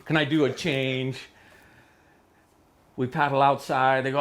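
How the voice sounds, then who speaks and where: A middle-aged man from Hawaii, telling stories in a studio interview with animated delivery, jumping into voices for quoted people. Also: a little slow, long pauses. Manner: animated, acts out quotes with big pitch jumps. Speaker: interview guest. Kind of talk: storytelling in a casual interview.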